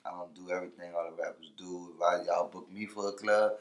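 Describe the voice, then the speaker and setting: A man, a rapper, talking casually in an interview, loose and laid-back, leaning on "you know" and "for real", and getting loud when he is fired up. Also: sits low, level tone, fast talker, reverberant.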